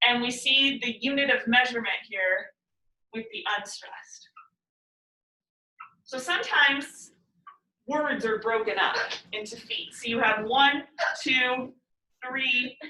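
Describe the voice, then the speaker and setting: Woman teacher, bright slightly high voice, patient step-by-step explainer, caught from a distance. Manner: patient, repeats definitions slowly. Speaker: poetry teacher. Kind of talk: classroom lesson. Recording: echoey room, mic far off.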